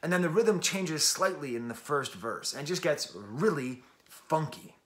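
A man's voice: a little high, expressive, unhurried, a bit bright. A man hosting a casual music review, talking enthusiastically and chattily with self-deprecating asides.

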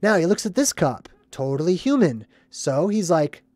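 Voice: mid-range voice, moderate pace, dry recording. Rambling movie-decoding vlogger, dry sound. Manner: animated, rambling, acts out scenes in put-on voices; conspiratorial, keeps asking "right?". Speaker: movie commentary host. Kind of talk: casual movie breakdown commentary.

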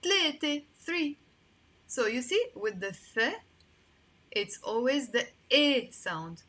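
A young woman with a Lebanese accent teaching Arabic pronunciation in an online lesson, patiently repeating words slowly for learners. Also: on the high side, lively intonation, bright, forceful tone.

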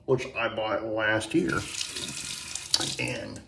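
A man casually talking through his shave, rambling and halting with lots of fillers and restarts. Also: fairly low pitch, huge pitch swings, creaky, a bit bright, distant mic, slight background noise. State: hiccups. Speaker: shaving video host. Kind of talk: casual shaving vlog talk. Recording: echoey room, mic set back.

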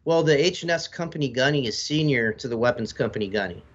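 Male, 40s, podcast guest, rambling swearing storyteller, middle pitch, lo-fi mic. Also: expressive, quick pace, husky. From United States. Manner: profane, rambling, laid-back storyteller. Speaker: podcast guest, military veteran. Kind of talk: casual storytelling in an interview. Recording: slightly dull lo-fi audio.

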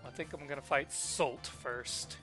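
Man, let's play host, casual joking commentary, slightly high voice, bright tone. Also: fairly even intonation, unhurried, faint music behind. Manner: joking, chatty, reads game text aloud.

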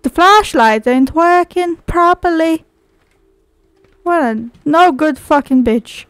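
A woman streamer plays a horror game in a let's play, her very high voice expressive and slow. She's jumpy and easily startled, talks to herself, and swears constantly. The recording has no echo.

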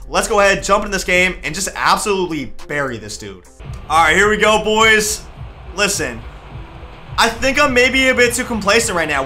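Casting: young male gaming YouTuber, high, very bright voice, hypes up every big play, light background noise. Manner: excitable, trash-talking, shouts at big plays. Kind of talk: gameplay commentary.

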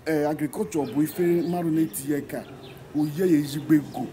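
A man explaining a community training program in an unhurried manner, mixing Igbo with English. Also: a little high, steady tone, background noise. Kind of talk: community speech.

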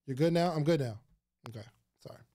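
A man hosting a casual livestream about podcasting, excitable and chatty, often repeating his phrases to the viewers. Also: fairly high pitch, fast talker. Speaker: podcast host giving advice.

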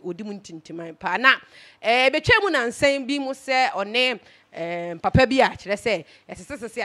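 A woman's voice: medium pitch, pushed and bright. A Ghanaian woman hosting a casual gossip commentary, chatty and emphatic, switching between Twi and English. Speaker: host.

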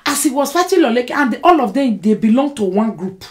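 On her home live stream, a woman with a Nigerian accent argues animatedly with viewer comments in a fairly high voice, talking a little fast and keeping things casual.

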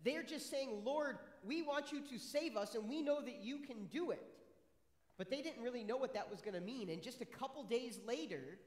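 A high-pitched man leads a children's sermon as a pastor, upbeat and friendly, asking the kids question after question. His voice rings through a roomy church sanctuary with a long, echoing reverb.

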